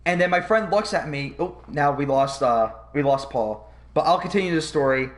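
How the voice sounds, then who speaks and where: A young man hosting a podcast, telling a long story in a rambling, profane, animated way. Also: a little high, moderate pace. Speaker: podcast host. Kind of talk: casual storytelling.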